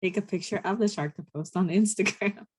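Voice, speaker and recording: A woman's voice: medium pitch, a little fast, breathy edge. A woman presenting her team's story to an online class, giggling and a little sheepish. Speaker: workshop participant. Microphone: video call.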